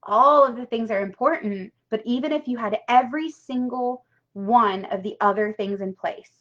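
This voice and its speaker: Woman, money coach on a live stream; slightly high, talkative, punchy and emphatic, swears casually; muffled lo-fi stream sound. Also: normal speed, a bit bright. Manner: chatty and emphatic, with frequent "right?" and casual swearing. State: tearful at times. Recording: dull lo-fi live-stream audio.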